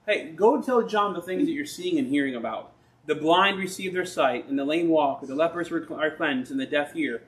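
A man's voice: on the high side, a bit bright, slight background noise. A man preaching a sermon as pastor, talking conversationally and acting out people's questions to God.

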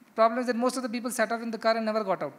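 A man's voice: very high-pitched, fairly even intonation, rapid-fire, a bit bright. Emphatic Indian-accented male spiritual teacher. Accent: Indian English. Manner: emphatic, rhetorical questions, repeats key phrases. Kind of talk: spiritual discourse to ashram residents.

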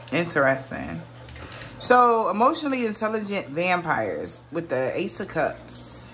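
A woman's voice: on the low side, very animated, slow pace, pauses often, noisy background. A woman giving a casual tarot reading to her viewers, musing aloud, often exclaiming and trailing off mid-sentence. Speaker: tarot reader.

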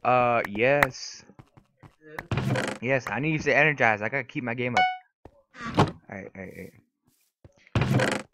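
A man's voice: medium pitch, a little slow, long pauses. Trash-talking young gamer man, noisy clicks. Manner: trash-talking, excitable, swears a lot. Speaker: gaming YouTuber. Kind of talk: casual gameplay commentary. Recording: noisy recording with mouse and keyboard clicks.

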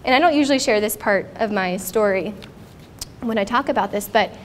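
A thirties woman at a conference tells her own story with earnest reflection, speaking briskly in a mid-range voice. A little hiss or hum runs under the recording.

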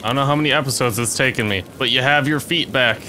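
A young man giving gameplay commentary, swearing often and breaking into excitable outbursts. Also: mid-range voice, fast talker, a little hiss or hum. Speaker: let's play host.

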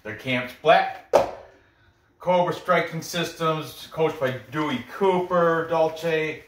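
Excitable man in an echoey room. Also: on the high side, slow pace, distant mic, very noisy. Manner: excitable, bragging, chatty with restarts. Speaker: MMA picks video host. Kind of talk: casual solo commentary. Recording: echoey room, somewhat off-mic.

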